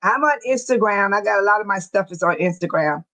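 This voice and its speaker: A woman's voice: medium pitch, lively intonation, brisk, bright, forceful tone, low-quality recording. An older woman, a grandmother, chatting casually with viewers on her livestream, telling stories and laughing often. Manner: addresses viewers by name. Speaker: livestream host.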